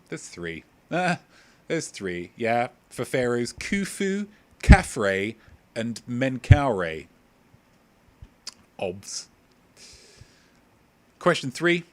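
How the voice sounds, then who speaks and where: A young man hosting a casual livestream quiz, joking and rambling as he reads out answers from viewers. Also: mid-range voice. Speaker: quiz host.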